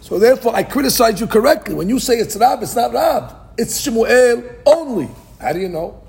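A man's voice: very high voice, moderate pace, vocal fry. A man teaching a daily Talmud class, reading the Aramaic text and explaining it in English, asking questions and answering them himself. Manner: animated, asks and answers his own questions. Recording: podcast recording of a live class.

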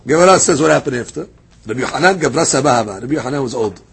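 A man teaching a daily Talmud class, reading passages aloud and retelling them as a lively story. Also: medium pitch, racing, vocal fry, slightly rough. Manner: lively storytelling, reads Aramaic then explains in English.

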